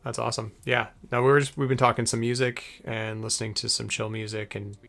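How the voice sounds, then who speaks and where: A man's voice: mid-range voice, little pitch movement, fairly quick, gravelly, a bit bright. A man casually chatting on a live stream while editing a podcast, giggling and muttering to himself as he works.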